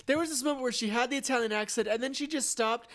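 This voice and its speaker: A podcast co-host in casual film review chat, reacting with quick exclamations and ready agreement. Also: mid-range voice, fairly bright tone.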